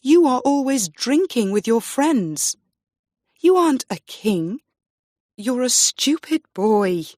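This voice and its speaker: Defiant young queen, woman reading, firm and indignant, slow. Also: mid-range voice, sing-song, a little mellow, no echo, studio quality.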